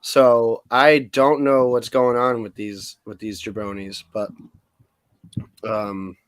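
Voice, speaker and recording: A man's voice: mid-range voice, level tone, slow, clear, resonant tone, dry recording. A man co-hosting a casual talk show about local politics, rambling and trailing off mid-sentence. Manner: rambling, trails off, eats while talking. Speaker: podcast co-host.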